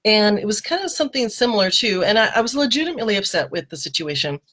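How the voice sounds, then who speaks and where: A middle-aged woman hosts a live mindset show from home over webcam or phone, chatting casually in a mid-range, somewhat bright voice. Very animated and fast, she laughs often and greets viewers by name.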